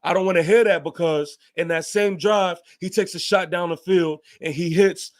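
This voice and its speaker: Heated high-voiced man ranting post-game. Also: steady tone, normal speed. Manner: heated, emphatic, repeats points, casual swearing. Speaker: fan show host. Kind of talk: post-game fan rant.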